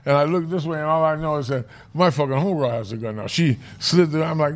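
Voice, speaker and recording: A man, telling a rough street story in casual, profane podcast chat. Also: a little high, expressive, fast talker, few pauses.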